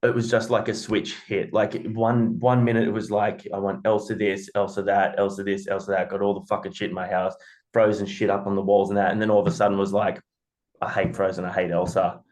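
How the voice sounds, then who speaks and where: A fairly low-voiced man in his thirties, telling stories casually and swearing freely. He sounds animated and loose as he chats. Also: fairly quick. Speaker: podcast co-host. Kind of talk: casual storytelling.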